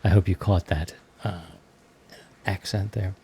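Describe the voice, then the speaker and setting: A middle-aged man hosts a casual hobby podcast in a lowish voice. He rambles easily from thought to thought, dotting his talk with fillers. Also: steady tone, unhurried, vocal fry, mellow, husky. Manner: rambling, easygoing, many fillers. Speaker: podcast host. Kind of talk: casual ham radio chat.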